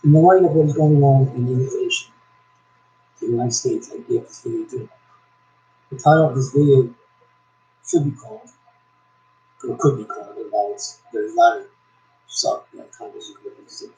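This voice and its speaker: A man reading a founding text aloud slowly and haltingly, correcting himself as he goes, then giving preachy religious commentary. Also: mid-range voice, lively intonation, warm tone, roomy sound, rough recording. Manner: preachy, exhorting. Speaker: YouTube commentator.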